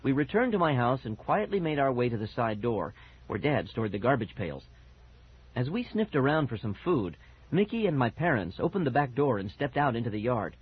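A man narrates a children's story with expressive reading. His pitch moves a great deal and his voice has a husky, breathy edge. The recording is dull and lo-fi. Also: normal speed. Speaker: audiobook narrator.

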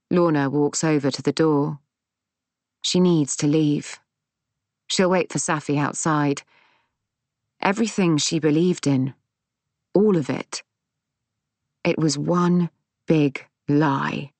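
A woman reading a novel aloud in calm, measured narration. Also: deep voice, no room sound. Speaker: audiobook narrator. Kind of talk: scripted narration.

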